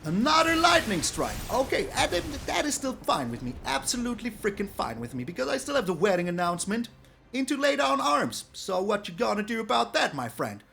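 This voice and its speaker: High, gravelly, animated game streamer man. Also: brisk, a little hiss or hum. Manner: animated, playful, talks to his opponent and viewers. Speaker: game streamer and channel host. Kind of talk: excited gameplay commentary.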